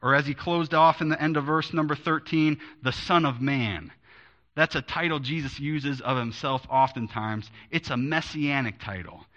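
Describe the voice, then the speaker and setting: A man's voice: medium pitch, normal speed, fairly bright tone. A man teaching through a Bible passage verse by verse, earnest and emphatic, repeating key phrases. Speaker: preacher. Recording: dull lo-fi sound.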